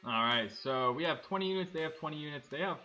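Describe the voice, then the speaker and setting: A man casually commenting as he plays a tank game, thinking aloud and getting excited when things blow up. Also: a little high, fast talker, soft background music. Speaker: gameplay commentator. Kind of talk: casual let's-play commentary.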